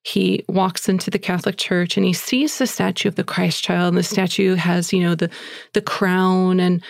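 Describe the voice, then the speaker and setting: A low, gravelly-voiced woman, sounding like an eager podcast host, tells her listeners a story at normal speed in a steady tone. The flow is casual, chatty and breathless, with little fillers like "like" and "you know," and the audio is close and dry with no room around it.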